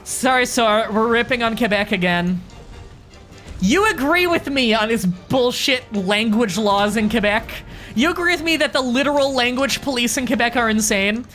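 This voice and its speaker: A woman's voice: fairly high pitch, animated, moderate pace, fairly bright tone, soft background music. A woman streamer chatting casually while gaming with friends, a rambling storyteller who swears freely. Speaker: streamer playing a hunting game with friends.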